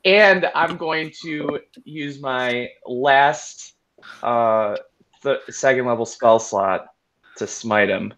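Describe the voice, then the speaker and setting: A man's voice: medium pitch, slow, fairly bright tone. A man playing a tabletop game, asking about the rules and adding up his damage. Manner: asks rules questions, tallies numbers. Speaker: player. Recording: dull lo-fi mic.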